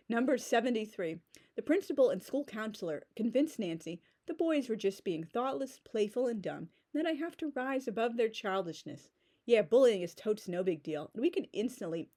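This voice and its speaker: A woman's voice: mid-range voice, a little mellow. A woman in her forties giving a sarcastic, exasperated rant as a book reviewer. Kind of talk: ranting book critique.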